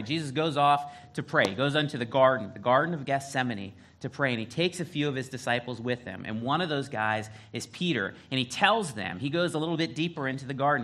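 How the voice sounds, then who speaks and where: A male pastor preaching a sermon, retelling a story in a casual, animated way and acting out the quotes. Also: medium pitch.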